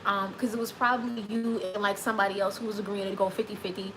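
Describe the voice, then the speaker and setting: A woman hosting a live stream, reading chat comments and giving dating advice in a sassy, animated way, with speech. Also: mid-range voice, fast, music in the background, rough recording. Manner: sassy, animated, repeats phrases for emphasis.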